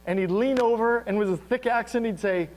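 A man preaching a sermon as pastor, animated and asking the congregation rhetorical questions. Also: sits high, brisk, rough recording.

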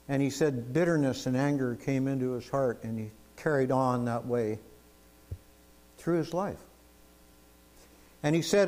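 A man's voice: medium pitch, normal speed, long pauses, darkish tone. A man preaching a sermon, telling testimonies with emphasis and asking the congregation "amen?". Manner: storytelling, emphatic, asks "amen?".

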